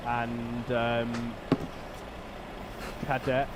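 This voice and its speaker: A man calmly directs other drivers over voice chat, laying out where each truck should park. His voice sits at an ordinary pitch. A clear hiss of noise and game sound runs under him. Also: extremely slow. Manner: directing others with patient instructions. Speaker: convoy organizer. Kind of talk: casual voice chat while gaming.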